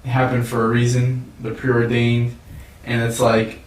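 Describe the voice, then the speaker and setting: A man's voice: medium pitch, completely flat delivery, a little slow. A man co-hosting a show, talking in an earnest, reflective way and repeating words as he thinks. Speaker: podcast co-host. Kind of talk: casual chat. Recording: roomy sound from a distant mic.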